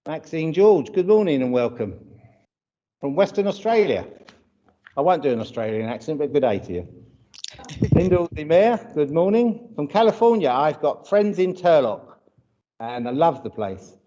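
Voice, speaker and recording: On a dull, lo-fi livestream, a man with a British accent leads church, chatty and greeting viewers by name. His voice is on the high side, very animated and warm, at a normal speed. A bit of hay fever leaves him with a runny nose.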